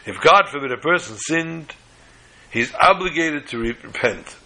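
A man teaching a sermon on the weekly Torah portion in a measured, halting way, often restarting phrases. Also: on the high side, lively intonation, pushed and bright, poor audio.

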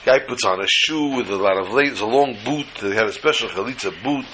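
A man's voice: mid-range voice, fairly quick, background noise. An older man teaching a Torah class, mixing teaching with jokes and storytelling asides.

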